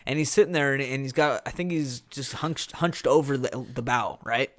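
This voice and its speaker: A young man co-hosting a laid-back podcast. He retells scenes in a loose, rambling way, stopping and restarting as he goes. His voice sits at an ordinary middle pitch. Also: moderate pace. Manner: rambling, animated retelling with laughs. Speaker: podcast co-host. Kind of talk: casual movie-review chat.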